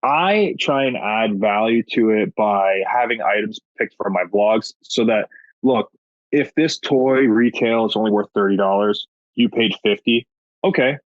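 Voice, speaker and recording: A man chatting as a podcast guest, telling animated, joking stories. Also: fairly low pitch, measured pace, no echo. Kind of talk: casual chat. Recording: dull lo-fi dry sound.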